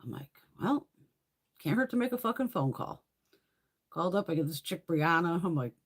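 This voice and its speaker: A woman's voice: lowish voice, brisk. A middle-aged woman hosting a livestream, telling a story in casual chat, swearing freely and acting out other people's lines. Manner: profane, animated, mimics others in quoted voices. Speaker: beauty livestream host.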